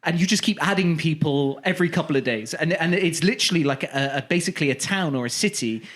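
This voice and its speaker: A man co-hosting a casual comedy podcast, pitching outlandish ideas with mock-salesman bravado. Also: quick pace, a bit bright. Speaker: podcast co-host.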